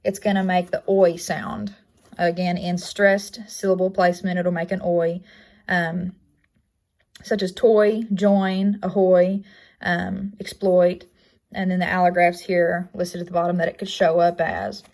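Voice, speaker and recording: Flat-voiced woman presenting a class project. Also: lowish voice, measured pace. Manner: plain, with frequent um and uh fillers. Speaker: student presenter.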